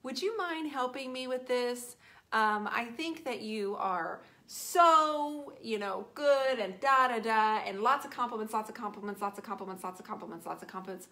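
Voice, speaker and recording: Animated bright-voiced woman vlogger. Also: fairly high pitch, normal speed. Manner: animated, talks to viewers by name, playful asides. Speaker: furniture painting vlogger. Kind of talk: casual chatty vlog.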